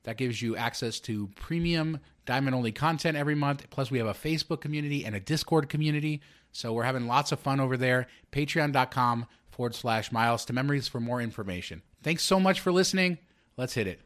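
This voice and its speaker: An upbeat man hosting a podcast. He runs through show announcements in a steady, everyday voice, then drifts into casual chat with his co-hosts. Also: medium pitch, fairly quick. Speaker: podcast host.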